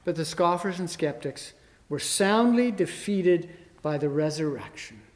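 A man's voice: a little high, lively intonation, unhurried. A man preaching a sermon with rising emphasis, voicing the mockers' words with dramatic force. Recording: long hall reverb.

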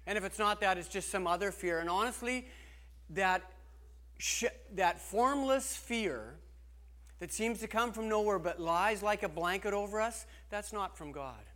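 A man's voice: high voice, unhurried, bright, forceful tone. A man preaching a sermon as pastor, talking earnestly and conversationally, often restarting his sentences.

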